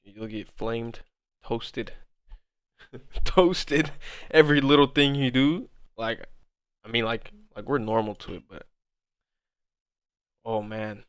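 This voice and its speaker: A young man in his twenties chats with viewers on a trading livestream, drawling along at an unhurried pace. He laughs often, swears freely and calls everyone bro. His voice is close and dry, with no room around it. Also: mid-range voice, smooth, dry recording. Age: 20s. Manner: laughs hard, swears, bro-heavy banter. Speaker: forex livestream host. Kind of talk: casual livestream chat.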